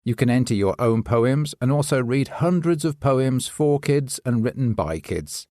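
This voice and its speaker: A man's voice: medium pitch, expressive, measured pace, warm tone, dry recording, studio quality. A man who hosts a poetry podcast, chatting as a guest in an upbeat, friendly way. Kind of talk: scripted podcast chat.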